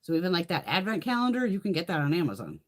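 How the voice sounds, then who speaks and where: A woman's voice: fairly low pitch, big pitch swings, rapid-fire. A woman hosting a beauty livestream, rambling casually with lots of swearing and laughter. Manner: rambling, profane, laughs often. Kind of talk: casual livestream chit-chat.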